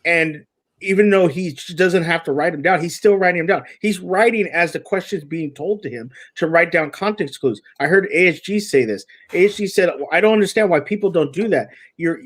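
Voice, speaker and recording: A young man co-hosting a casual podcast, talking eagerly and rambling with lots of restarts. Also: a little high. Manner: excited, rambling with many restarts. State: chewing food. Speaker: podcast co-host. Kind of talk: casual chat.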